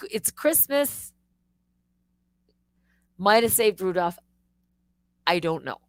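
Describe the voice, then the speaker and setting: A woman from Michigan, a livestream host, telling a story in a casual, animated way, with swearing and high bursts when she quotes herself. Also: no room sound. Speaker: livestream host, former wildlife TV host.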